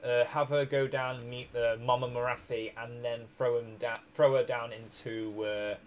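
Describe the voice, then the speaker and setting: A man's voice: mid-range voice, level tone, normal speed, a little hiss or hum. A man streaming a strategy game, rambling through his moves with restarts and small chuckles while tired and hiccuping. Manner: rambling, self-correcting, chuckling. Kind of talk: casual gameplay commentary.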